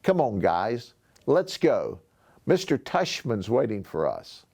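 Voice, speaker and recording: Calm, brave schoolboy, read by a man; slow and even. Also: medium pitch, creaky, slightly rough, heavily acted. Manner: calm, steady. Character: calm, brave schoolboy who stands up to bullies.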